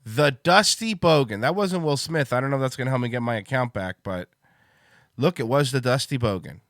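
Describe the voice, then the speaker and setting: Excitable male stream host, loud casual chatter, cursing, dry mic. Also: medium pitch, fairly quick, no echo. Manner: loud, excitable, swears freely. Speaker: livestream show host. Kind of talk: casual livestream chat.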